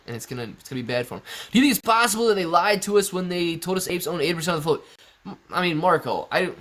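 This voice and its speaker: Man, livestream host, casual chat, slightly higher-pitched, laid-back, calls people man and dude. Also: a bit bright. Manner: chatty, laid-back, often laughing, says "man" and "bro".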